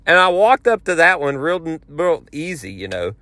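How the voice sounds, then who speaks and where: A man with a drawl rambles through an animated story, tripping over restarts as he goes. His voice is bright and a little tense, set slightly high for a man. It is recorded dry and close, with no room sound. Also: normal speed, no room sound. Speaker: podcast host. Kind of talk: casual storytelling.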